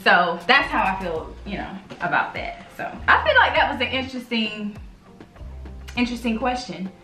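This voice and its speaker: A woman's voice: on the high side, big pitch swings, moderate pace, sharp tone. A woman hosting her own channel, chatting casually with her husband about relationships, rambling with many restarts. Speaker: channel host. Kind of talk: casual couple chat. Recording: echoey room, mic at a distance, faint music.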